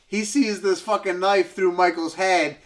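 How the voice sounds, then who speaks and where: A male comedian loosely retells a film, swearing freely and bursting into high squealing impressions and sound effects. His tone stays steady and a little bright, and he takes his time.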